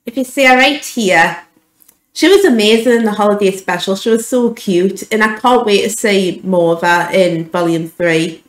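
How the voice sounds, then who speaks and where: A woman's voice: mid-range voice, moderate pace, roomy sound, poor audio. A young woman giving an emotional, gushing reaction to a film trailer, stumbling over her words as a YouTube vlogger. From United Kingdom.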